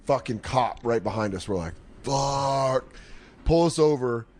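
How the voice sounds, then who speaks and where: A man's voice: mid-range voice, lively intonation, fairly quick, a little mellow. A young man co-hosting a comedy podcast, telling a crude, rambling story and acting out the quotes. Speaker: podcast co-host.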